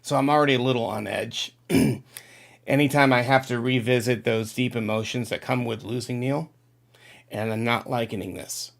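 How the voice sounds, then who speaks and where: A man's voice: medium pitch, fairly even intonation, normal speed, gravelly. A middle-aged man hosting a casual livestream, reading out viewer chat and rambling emotionally to his audience. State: on the verge of tears.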